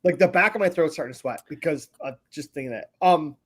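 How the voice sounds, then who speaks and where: A man's voice: a little high, fast talker, husky. A man, co-hosting a podcast with crude, jokey storytelling. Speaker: podcast co-host. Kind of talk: casual banter.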